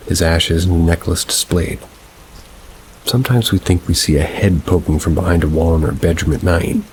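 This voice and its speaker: A man narrating submitted scary stories in a slow, measured reading style. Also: low-pitched, a little hiss or hum, poor audio.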